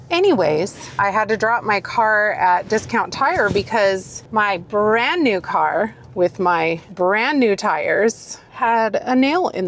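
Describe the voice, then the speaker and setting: A woman's voice: mid-range voice, creaky, slight background noise. A woman vlogger talking casually to her viewers, rambling and self-deprecating, earnest and openly emotional. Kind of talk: casual chatty vlog.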